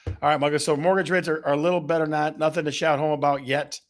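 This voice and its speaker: A man's voice: on the high side, flat delivery, quick pace. A man hosting a casual live-stream chat, playful and teasing as he banters with viewers. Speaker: host.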